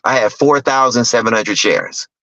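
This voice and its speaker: A man speaking as a guest, telling a personal story in an animated way and acting out other people's lines. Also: mid-range voice, moderate pace, no room sound, poor audio. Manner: animated storyteller who acts out other people's lines in sharply raised voices. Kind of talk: personal storytelling on a talk stage.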